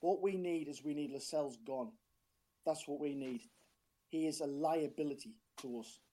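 A man's voice: a little high, moderate pace, mellow. A man calling in as a football fan, talking in a passionate, frustrated, rambling way with a strained voice. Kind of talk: casual phone-in chat.

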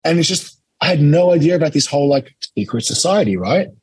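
A young man with an Australian accent recounts a story in casual interview chat, slipping into the voices of the people he quotes. His voice is very husky and breathy, and it is recorded dry and close with no room sound. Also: fairly high pitch, fast talker, dry recording, low-quality recording. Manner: animated anecdote-telling, acts out quotes. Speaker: interview guest, competitive eater.

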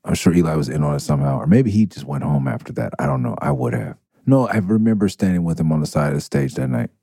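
A middle-aged man hosting a podcast, telling stories in a casual, animated way, laughing and swearing freely. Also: very deep voice, fast talker, gravelly, dry recording. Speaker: podcast host. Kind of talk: casual storytelling.

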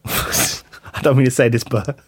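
A man chatting on a podcast, telling lively stories, swearing freely and acting out what people said. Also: mid-range voice, slow, husky, no echo. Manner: animated storyteller, swears freely, acts out quotes. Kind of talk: casual chat.

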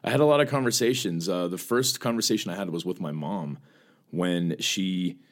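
A man's voice: deep voice, moderate pace. A man co-hosting a podcast, telling a personal story in an earnest, casual way, often repeating words as he starts phrases. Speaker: podcast co-host.

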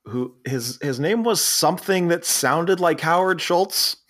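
A man's voice: fairly high pitch, a little slow, fairly bright tone. Rambling man with a Philly accent. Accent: Philadelphia. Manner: rambling, laughing storyteller with many restarts. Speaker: podcast co-host. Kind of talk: casual movie recap chat.

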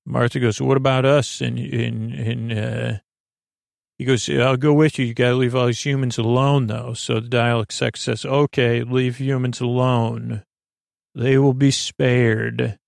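Guy recapping a tv episode, gravelly voice, lots of uh and restarts, dry close sound. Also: medium pitch, level tone, moderate pace, no echo. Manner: rambling, many fillers and restarts, quotes characters in his own voice. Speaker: podcast host.

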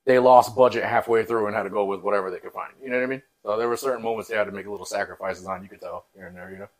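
A man co-hosting a podcast in loose, slangy casual chat, laughing loudly at his own jokes. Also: fairly low pitch, fairly even intonation, racing, rough recording. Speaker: podcast co-host.

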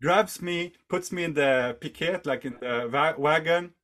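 Man, slightly higher than most, loose conversational storyteller full of fillers. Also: a little slow, fairly bright tone. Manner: rambling, heavy on fillers like "like" and "you know". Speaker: podcast guest. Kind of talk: casual storytelling.

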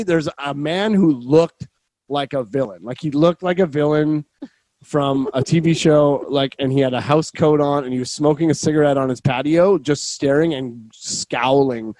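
A young man, a comedian, telling a rambling story in casual chat, full of swearing and quick restarts. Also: a little high, dry recording, poor audio. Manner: rambling, animated, swearing, quick self-interruptions. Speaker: comedian guest.

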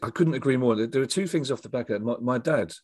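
A man's voice: medium pitch, quick pace, darkish tone, no room sound. A middle-aged man, a comedian and writer telling rambling stories in a casual interview, full of restarts and asides. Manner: rambling, with frequent restarts and self-deprecating asides. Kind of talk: casual storytelling chat.

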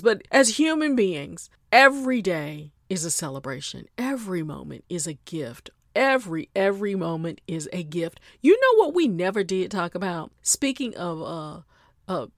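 A woman's voice: mid-range voice, dry recording. Woman, podcast host, casual chat, playful asides, middle-aged, dry close recording. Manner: chatty, laughs often, playful asides.

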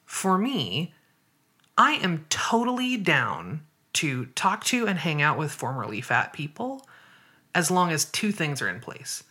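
A woman's voice: deep voice, big pitch swings, unhurried, pushed and bright. A woman hosting a casual podcast conversation, explaining her views thoughtfully step by step and often checking in with "right?". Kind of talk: casual conversation on body image.

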